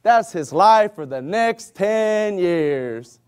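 A man preaching an animated sermon, exclaiming loudly and acting out the voices of the people in his stories. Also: sits high, extremely slow, clean tone. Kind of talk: animated sermon with acted-out scenes.

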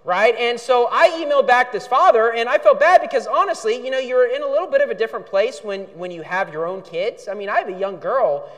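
Indignant high-voiced male pastor. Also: lively intonation, a little fast, hardly any pauses. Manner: indignant, rising to shouts when angry. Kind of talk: sermon. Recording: reverberant hall.

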